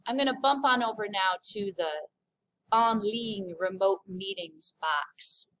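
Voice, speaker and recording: A woman French teacher recording a remote lesson, upbeat and clear, stressing each French phrase carefully for students to repeat. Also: mid-range voice, slow pace, a bit bright. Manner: upbeat, over-enunciated French demonstrations.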